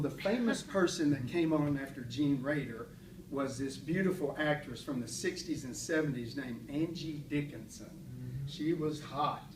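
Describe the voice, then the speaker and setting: A man tells folksy stories about his hometown in a prepared speech, with light self-deprecating humor. His voice sits a little higher than most men's. The echoey room is picked up from a distant camera, with a faint hum behind him. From Paris, Texas. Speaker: club speaker.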